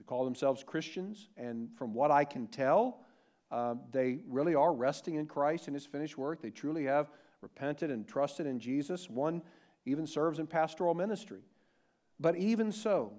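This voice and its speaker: A middle-aged man preaching a sermon as pastor, animated, asking rhetorical questions and shifting between emphatic and quiet delivery. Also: medium pitch.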